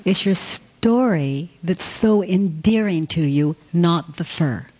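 A woman leading a group workshop, speaking gently and coaxingly to participants and calling them honey. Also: fairly low pitch, lively intonation, slow pace, few pauses, slightly rough. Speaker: workshop leader.

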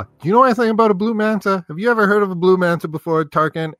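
A man who is a player in a tabletop game, excitable and slangy, teasing the others. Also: sits high, a little fast, few pauses, no room sound, soft background music. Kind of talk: tabletop role-play.

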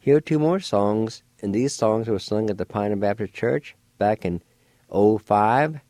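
A man teaching a spelling and pronunciation lesson, slow and careful, repeating each word. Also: fairly low pitch, mellow, no echo. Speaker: language teacher and radio host.

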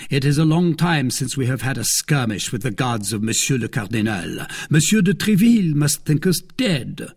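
A man voicing a grave, calm musketeer who speaks in a commanding way. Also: mid-range voice, husky, pitched above the performer's own voice. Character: grave older male musketeer, calm leader.

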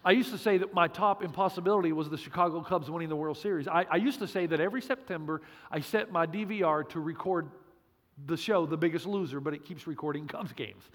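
A man's voice: fairly high pitch, fast, big-room sound. A man preaching a sermon as pastor, punchy and joking, with emphatic repeats.

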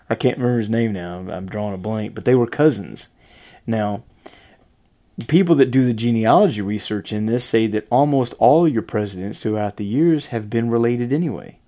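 A man's voice: lowish voice, warm tone. A man hosting a casual podcast chat, rambling, trailing off and laughing often. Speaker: podcast host.

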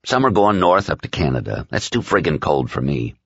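A man reading aloud and voicing a nervous, miserable male crony who speaks in a hesitant, subdued, low way. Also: sing-song, a little fast, creaky, slightly rough, dry recording, dull audio, exaggerated voice. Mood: anxious.

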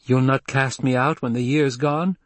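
A man voicing a proud, anxious young desert widow in a storybook reading, pitched above his own voice. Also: steady tone, moderate pace, no echo, natural voice. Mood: wary.

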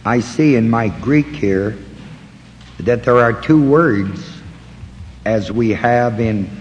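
A man teaching a Bible study, slowly walking listeners through word references in a deliberate way. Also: mid-range voice, big-room sound, muffled recording, slight background noise. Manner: slow, deliberate, pausing to point out references.

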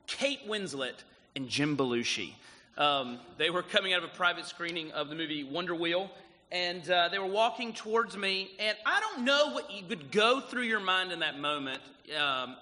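A man with a South Carolina accent preaches a sermon in a casual, chatty way, full of "like" and "um" as he tells stories. His voice is very bright and sits a little high. The sound has a long, echoing reverb, as if from a big church hall. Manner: casual, animated storytelling with lots of "like" and "um". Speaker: guest pastor.

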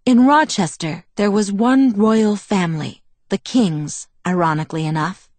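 A woman's voice: mid-range voice, unhurried, darkish tone, no room sound, lightly acted. A woman voicing a proud, bitter young woman vampire who tells her past in a wistful, self-mocking way, in an audiobook. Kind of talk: audiobook character reading.

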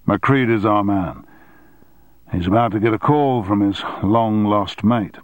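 A man voicing a powerful middle-aged male newspaper tycoon who speaks briskly and with authority. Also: lowish voice, no room sound, phone-quality sound, lightly acted.

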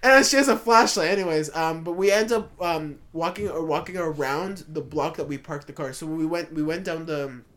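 A man's voice: fairly high pitch, moderate pace, hardly any pauses, fairly bright tone. A young man hosting a podcast, telling a story in casual chat, rambling with lots of fillers and restarts. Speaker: podcast host.

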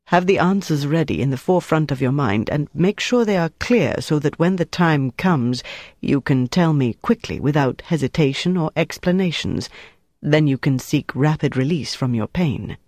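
A reader voicing a calculating German officer, speaking in a measured, coolly menacing way. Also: male voice, fairly high pitch, expressive, darkish tone, dry recording. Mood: cold, measured. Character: cold, calculating German officer interrogating a prisoner.

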